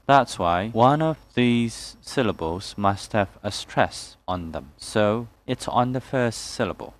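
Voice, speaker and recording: A man teaching pronunciation, speaking deliberately, breaking words into syllables and repeating each example word. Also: medium pitch, animated, dry recording. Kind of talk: slow, careful pronunciation lesson.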